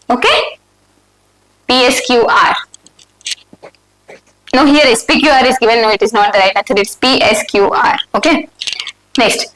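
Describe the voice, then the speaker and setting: In an echoey room, with a little hiss or hum and rough audio, a woman speaks with an Indian English accent in a high, pushed, bright voice. As an exam prep teacher, she works through questions live, reading out each option and confirming answers with the class.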